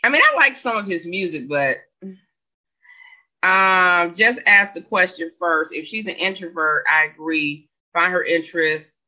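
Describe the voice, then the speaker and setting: In dull, lo-fi audio, a woman in her forties hosts a casual livestream, reading viewer comments as she rambles, chats, doubts herself and laughs a lot. Her voice is fairly low and unhurried, with a sharp tone.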